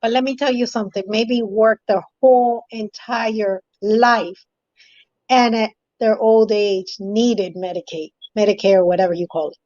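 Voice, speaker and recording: A woman's voice: medium pitch, fairly even intonation, measured pace, darkish tone, no echo, muffled recording. A woman hosting a talk show who speaks emphatically, repeating herself when indignant. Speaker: host. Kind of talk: live call-in talk show.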